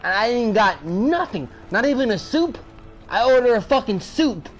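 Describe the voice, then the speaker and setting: High-voiced man telling a heated story. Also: moderate pace, faint music behind, poor audio. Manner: animated, profane, slangy storytelling; repeats himself and builds up heat. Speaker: gaming streamer. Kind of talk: casual storytelling while playing.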